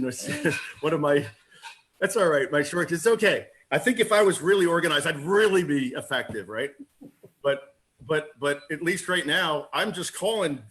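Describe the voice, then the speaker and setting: A man talking as a sales agent on a group call, excitable and rambling, quick to laugh and calling himself a goofball. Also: fairly high pitch. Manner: self-described goofball. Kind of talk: casual call-in chat.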